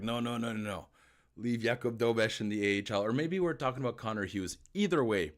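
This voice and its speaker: A man with a low, deep voice hosts a live post-game hockey show. He talks casually to his viewers, often stumbling and repeating words as he gathers his thoughts. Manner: chatty, repeats words while thinking. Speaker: host.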